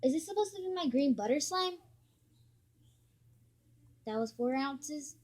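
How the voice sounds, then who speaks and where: Female vlogger, high voice, casual spoof-unboxing chatter with playful fake complaints. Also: expressive, unhurried, a little mellow. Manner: chatty, mock-annoyed complaining.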